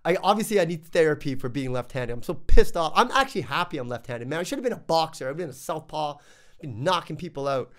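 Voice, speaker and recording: Animated, exasperated man ranting. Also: fairly high pitch, fast talker. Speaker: tech reviewer. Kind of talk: casual vlog review rant.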